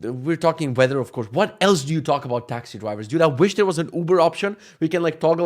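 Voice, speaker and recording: A man's voice: fairly high pitch, quick pace. A man from Macedonia telling stories in a casual vlog monologue, joking and swearing freely. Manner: profane, joking, animated storytelling. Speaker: vlogger.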